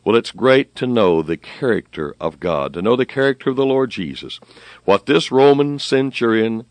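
A man's voice: mid-range voice, expressive, moderate pace, darkish tone, no room sound. A middle-aged man preaching a sermon on the radio, emphatic and repeating phrases for stress.

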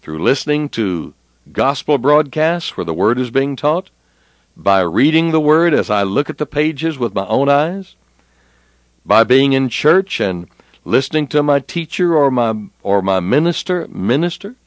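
A man preaching a sermon at a middle pitch, his voice swinging widely up and down. He lifts his voice and slows down as he quotes scripture. The sound is dry and close, with no room echo. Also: sing-song. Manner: rises in pitch and slows down when quoting scripture.

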